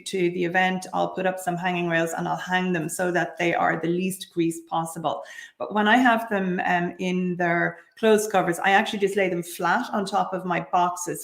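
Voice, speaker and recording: A woman's voice: on the low side, creaky, roomy sound. A woman giving direct, practical advice on selling at craft fairs, with frequent ums. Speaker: craft business speaker.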